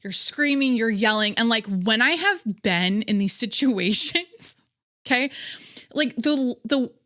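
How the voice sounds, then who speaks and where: A woman's voice: on the high side, animated, measured pace, bright, forceful tone, no room sound, clean studio sound. A young woman hosting her own podcast, chatting casually on her own, rambling and breaking off her sentences, often laughing between thoughts. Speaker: podcast host. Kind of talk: casual solo podcast chat.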